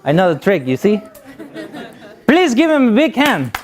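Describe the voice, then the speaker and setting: High-voiced man with a Guatemalan accent. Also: wildly swooping pitch, moderate pace, heavy background noise. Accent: Guatemalan Spanish. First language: Spanish. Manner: joking storyteller, acts out voices. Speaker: motivational speaker. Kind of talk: motivational speech to youth.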